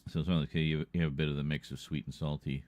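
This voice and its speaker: Low-voiced man chatting on a stream. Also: flat delivery, racing, a little mellow, no echo. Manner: rambling, laughs often. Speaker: livestream host. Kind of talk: casual chat.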